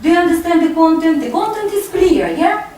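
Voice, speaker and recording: A woman's voice: very high voice, lively intonation, fairly quick, dark tone, a little hiss or hum. A woman teaching English to a class, coaxing pupils with repeated questions. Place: school classroom. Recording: echoey classroom, far-off mic.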